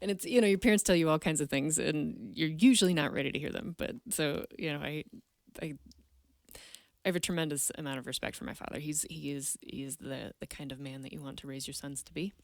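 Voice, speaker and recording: A woman with a notably low voice, speaking as a podcast guest into a close mic. She tells her story earnestly and candidly, often restarting her sentences. The sound is dry and close, with no room behind it. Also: a little fast, no room sound. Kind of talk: personal storytelling in conversation.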